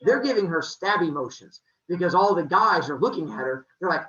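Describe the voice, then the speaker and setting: A man's voice: sits high, fairly quick, hardly any pauses, dull audio. A man telling a myth as a comic story in a casual, jokey way. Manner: casual, jokey, animated retelling.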